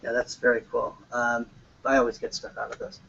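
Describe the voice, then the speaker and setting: A man's voice: mid-range voice, completely flat delivery, a little fast, fairly bright tone. Enthusiastic guy giving advice, muffled lo-fi recording. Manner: enthusiastic, gives friendly tips. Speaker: group member. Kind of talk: casual group discussion. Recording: dull lo-fi sound.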